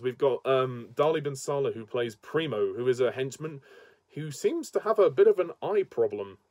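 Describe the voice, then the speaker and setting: A man's voice: mid-range voice, a little mellow, dry recording. A man giving a casual, enthusiastic spoken movie review, chatty and laughing often. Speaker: film reviewer.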